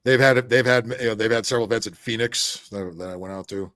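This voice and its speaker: Deep fast-talking profane man. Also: a bit bright, dry recording. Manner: profane, halting with repeated restarts. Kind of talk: casual chat.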